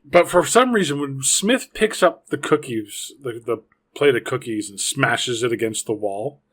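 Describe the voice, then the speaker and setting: A man with a Canadian English accent hosts a movie podcast, chatting casually, joking, acting out little scenes, and laughing often. His mid-range voice is expressive, unhurried, a bit bright, and slightly rough.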